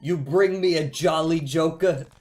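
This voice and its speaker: A man voicing a mock mafia boss with a slow, grand mobster drawl. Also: a little high, a little mellow, soft background music, voice pushed up, natural voice. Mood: pompous. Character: mock mafia don, older man, pompous.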